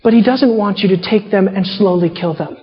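A woman's voice: medium pitch, a little fast, breathy edge. A woman preaching a sermon, reading scripture and retelling characters in casual paraphrase. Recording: muffled sound in a reverberant hall.

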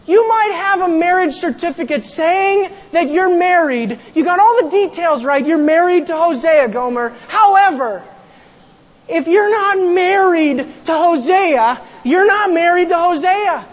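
A pastor preaching a sermon in a church, animated, acting out quotes and raising the voice for emphasis. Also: very high voice, measured pace. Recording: long hall reverb.

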